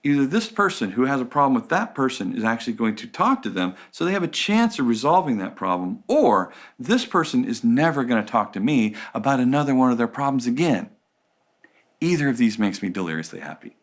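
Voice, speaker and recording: A man teaching a relationships course in an animated, expressive way, often dropping to quiet emphasis. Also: medium pitch, fairly quick. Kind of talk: teaching talk with acted examples.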